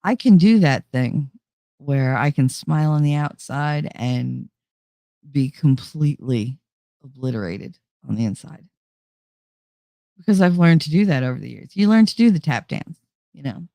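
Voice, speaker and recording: A woman's voice: deep voice, animated, normal speed, gravelly, warm tone, dry recording. A woman hosting a casual livestream chat, talking candidly and confidingly, swearing freely and laughing often. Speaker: livestream host.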